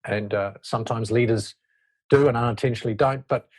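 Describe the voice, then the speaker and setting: A man's voice: mid-range voice, steady tone, brisk, darkish tone. A man speaking as a leadership expert guest in an interview, explaining his ideas in a reflective, loose way and often restarting his sentences. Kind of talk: conversational interview talk.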